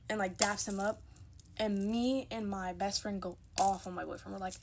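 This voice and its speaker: A woman's voice: mid-range voice, steady tone, a little fast, darkish tone, a little hiss or hum. A young woman telling a casual storytime into her phone, chatty and emphatic, acting out the people in her story.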